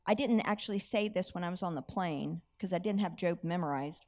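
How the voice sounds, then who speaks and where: A woman preaching, telling a story with lively acted-out dialogue and self-amused laughter. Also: on the low side, fairly quick. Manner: animated, acts out dialogue, laughs at herself. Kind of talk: sermon storytelling.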